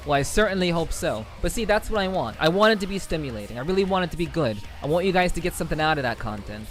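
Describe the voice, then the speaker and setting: A man with a high, light voice talks loosely to his stream chat, cursing freely and circling back over the same words. Faint music plays softly behind him. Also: lively intonation, fast, hardly any pauses. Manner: profane, rambling, laughing, repeats himself. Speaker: livestreamer reading chat. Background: faint background music.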